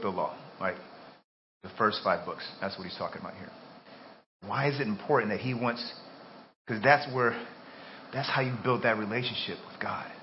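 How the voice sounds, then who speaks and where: A man with an American accent preaching a sermon in a loose, conversational way, talking through his thoughts aloud. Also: on the low side. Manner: conversational, talks to himself aloud. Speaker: pastor. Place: church. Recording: dull lo-fi sermon recording with faint noise.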